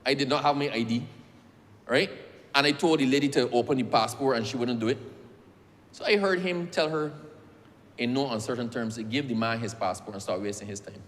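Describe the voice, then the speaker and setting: Brisk and mid-range, a Barbadian member of parliament addresses the chair as sir while telling a story in his speech. The setting is a large legislative chamber, and its long echo fills the recording.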